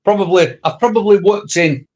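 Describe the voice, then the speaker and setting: A high-pitched man chats bluntly and swears freely. He talks in a relaxed, casual way. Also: normal speed, lo-fi sound, a crowd in the background. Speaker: electrician, co-host. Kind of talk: casual live-stream chat.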